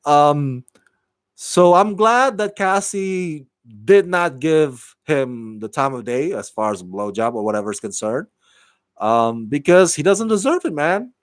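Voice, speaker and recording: An animated man talks through his take on a TV episode, swearing freely and slipping into quick impressions of the characters. His voice sits a little higher than most men's. The sound is dry and close, with no room echo. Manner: animated, swears freely, laughs, acts out quotes. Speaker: TV show reviewer. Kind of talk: casual solo review.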